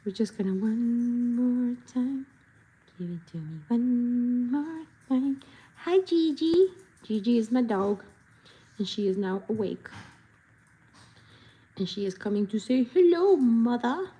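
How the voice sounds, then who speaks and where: Playful, husky-voiced woman chatting while painting. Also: on the high side, slow pace, pauses often, dark tone, muffled recording. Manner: playful and chatty, breaks into silly voices and jingles. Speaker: body painter and vlogger. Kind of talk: casual chat while painting.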